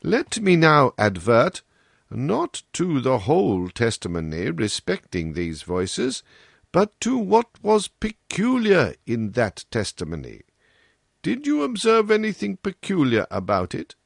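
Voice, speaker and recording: Male reader doing a cool-headed amateur detective; deliberate, professorial delivery, slow pace, dry close sound. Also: a little high, wildly swooping pitch, vocal fry, dry recording, full character voice. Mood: reasoning. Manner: measured, lecturing, reasoning step by step. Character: sharp-minded male amateur detective, calm and analytical. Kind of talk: audiobook character reading.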